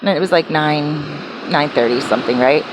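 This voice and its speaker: Speaking briskly in a deep voice, a woman chats casually in a vlog filmed in her small apartment, with background noise audible. Her story wanders, full of filler words and false starts.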